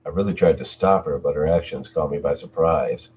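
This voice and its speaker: An extremely low-pitched man with a darkish tone reads horror stories on his live stream at a brisk pace, chatting casually with viewers between tales. The audio is dull and lo-fi from a distant mic, with a little hiss or hum.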